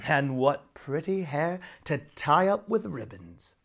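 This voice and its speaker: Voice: mid-range voice, big pitch swings, takes it slowly, fairly bright tone, exaggerated voice. A storyteller voicing a bold, cheerful young woodsman who declares and teases heartily in a storybook reading. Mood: hearty.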